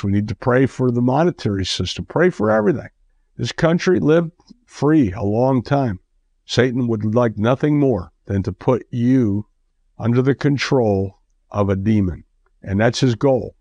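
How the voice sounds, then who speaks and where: A man's voice: medium pitch, darkish tone, no echo. Man, preacher, radio sermon, earnest, repetitive, dry close sound.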